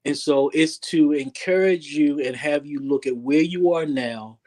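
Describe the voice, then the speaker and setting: A man's voice: on the high side, a little slow, darkish tone. A man who works as a relationship coach, speaking earnestly as an interview guest and often repeating words while he thinks. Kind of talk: interview guest, casual talk.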